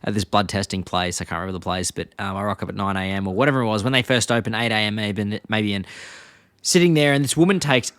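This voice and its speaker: A young man co-hosting a podcast, rambling through a plot recap and dropping into quick impressions of the characters. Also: fairly low pitch, a bit bright, no echo. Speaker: podcast co-host. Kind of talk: casual chat.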